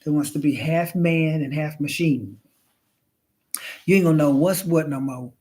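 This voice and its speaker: On a casual, comic livestream, a woman with a low, mellow voice and a breathy edge chats at normal speed. She's sassy and drawling, and she keeps calling her listeners honey.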